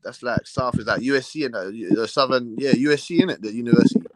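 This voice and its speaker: A young man with a London accent, hosting a casual livestream chat, full of slang, sudden loud exclamations and laughter. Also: mid-range voice, fast, a loud crowd. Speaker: livestream host.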